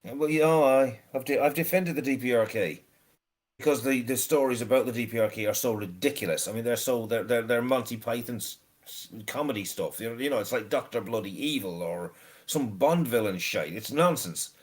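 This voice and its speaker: Guy going off on a rant, swears a lot, trips over his words, middle pitch. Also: a little fast. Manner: swears freely, stammers and repeats words. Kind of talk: casual ranting chat.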